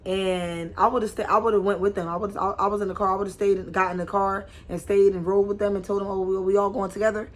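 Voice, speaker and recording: A young woman telling a casual storytime to camera, animated and slangy, with frequent restarts. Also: mid-range voice, fast talker, hardly any pauses. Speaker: vlogger.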